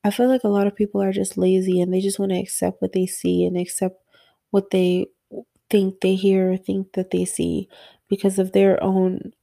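A sleepy young woman musing softly and rambling in a late-night personal audio diary about being a mother. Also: mid-range voice, completely flat delivery, gravelly, dry recording. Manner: slow, rambling, soft-spoken, yawning.

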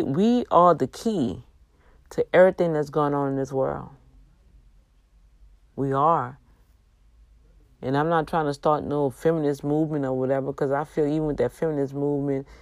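A tired woman hosting a livestream, giving a faith talk with slow, emphatic, exhorting repeats. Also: low-pitched, darkish tone, no echo. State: tired, yawning. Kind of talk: preachy casual livestream talk.

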